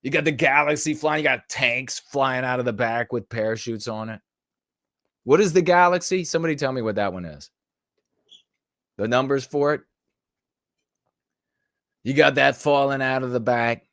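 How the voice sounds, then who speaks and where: A man's voice: medium pitch, normal speed, long pauses, fairly bright tone, dry recording, clean studio sound. A man hosting a podcast in a casual, rambling and sarcastic commentary style. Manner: rambling and sarcastic, mimics people mockingly. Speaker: podcast host.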